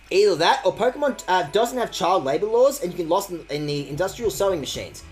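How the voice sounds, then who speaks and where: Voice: lively intonation, brisk, hardly any pauses, faint music behind. A streamer giving casual, rambling let's-play commentary, swearing and mocking themself. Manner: rambling, crude, self-mocking jokes, swinging pitch. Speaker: game streamer.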